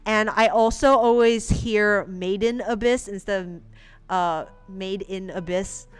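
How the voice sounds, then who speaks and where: A woman's voice: medium pitch, takes it slowly, smooth. A woman streaming her comic art, chatting casually in a rambling, giggly way. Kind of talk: casual livestream commentary.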